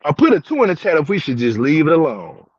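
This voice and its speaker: A higher-pitched young man rants to his viewers in heavy slang, hammering the same points again and again. He is getting angry as he talks. The sound is dull and lo-fi, with a dry, close feel and no room echo. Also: big pitch swings, fast talker, slightly rough. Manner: emphatic, slangy, repeats himself, addresses viewers as y'all. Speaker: reality TV commentary vlogger. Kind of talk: casual commentary rant. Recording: dull, dry, lo-fi home recording.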